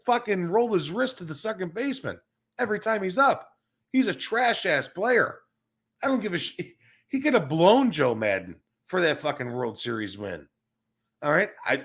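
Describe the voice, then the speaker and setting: A fired-up man hosts a sports stream, his voice pitched a bit high for a man. He rants with constant swearing and says the same phrase again and again. He reads out comments from his viewers. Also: a bit bright. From Chicago area. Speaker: sports talk show host. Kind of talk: profane livestream sports rant.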